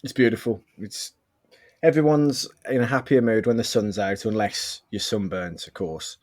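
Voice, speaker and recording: A man's voice: on the low side, normal speed, no echo, clean studio sound. A man co-hosting a podcast in casual chat, telling stories with lots of laughs, over a webcam mic. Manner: animated storyteller, laughs a lot. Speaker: podcast co-host.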